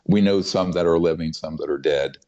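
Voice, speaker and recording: Very deep-voiced older man. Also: a little fast, darkish tone. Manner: emphatic and conspiratorial, with frequent fillers and restarts. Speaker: podcast guest. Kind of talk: long-form interview storytelling. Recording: dull, muffled podcast audio.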